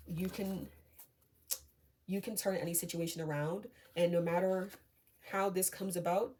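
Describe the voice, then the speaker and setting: A woman's voice: fairly low pitch, slight background noise. A woman reading tarot cards for her viewers in a casual, chatty way, often checking in with "okay?" and reassuring them not to be afraid. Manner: chatty, many fillers, often asks okay?; reassuring and calming. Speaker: tarot reader.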